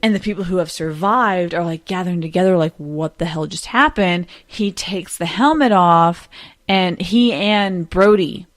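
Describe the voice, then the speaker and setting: A woman's voice: lowish voice, normal speed, no echo. A tipsy female podcast co-host chats loosely about a movie and laughs easily. Her voice is recorded close and dry, with no room sound around it. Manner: chatty, laughs often, tipsy. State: slightly drunk. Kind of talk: casual movie review chat.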